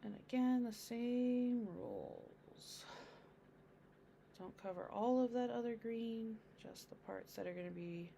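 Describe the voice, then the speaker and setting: A woman's voice: fairly high pitch, slow pace, gravelly, dark tone, slight background noise. A woman streaming a casual painting tutorial, chatting with her audience and thinking aloud as she works.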